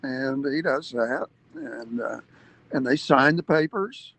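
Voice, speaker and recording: A man's voice: mid-range voice, slow, vocal fry, a bit bright, poor audio. A man giving an earnest livestream advocacy talk, explaining step by step with emphatic points and hesitant fillers. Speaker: activist speaker.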